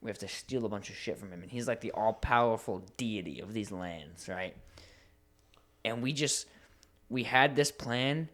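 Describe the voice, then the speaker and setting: Casting: young male podcast co-host, animated, swears a lot, laughs often. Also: on the low side, normal speed. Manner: laughing, profane, animated storytelling. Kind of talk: casual chat.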